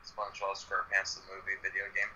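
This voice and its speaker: A man's voice: sits low, monotone, quick pace, bright, forceful tone, lo-fi sound. A man chatting about games with friends over voice chat, dry and casually profane, faint noise behind him.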